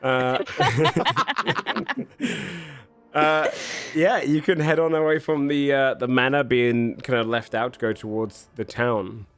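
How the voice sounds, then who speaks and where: A man's voice: medium pitch, expressive, slow pace, fairly bright tone. Man narrating as game master.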